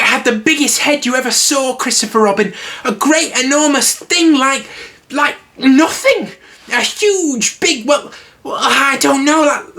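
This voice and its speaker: A man's voice: bright, forceful tone, heavily acted. A man voicing a tiny, timid male piglet who stammers in a breathless, squealing voice for a storybook reading. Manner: stammering, high-pitched squeals.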